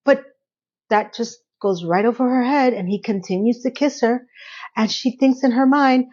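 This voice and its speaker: A woman's voice: fairly high pitch, moderate pace, a little mellow. Sassy woman chatting thru a tv recap, talks right at you, kinda dull lo-fi sound. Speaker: recap vlogger. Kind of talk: casual TV recap commentary.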